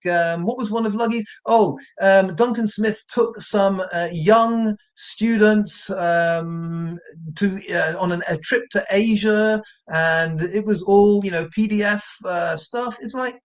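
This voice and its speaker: Guy on a live stream going off, fired up and defensive, higher voice that swings all over. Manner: combative, indignant, repeats himself. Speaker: true crime channel host.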